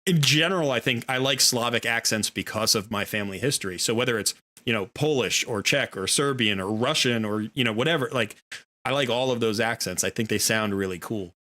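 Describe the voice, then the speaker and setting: A man's voice: mid-range voice, a little fast, sharp tone. A middle-aged American man hosting a game stream, talking in a rambling, casual way full of fillers and restarts. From United States. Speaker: streamer and host. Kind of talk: casual chat while gaming.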